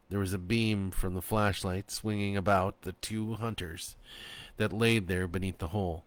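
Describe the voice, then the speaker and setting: A man narrating his own horror story in a slow, expressive reading. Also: low voice, no echo.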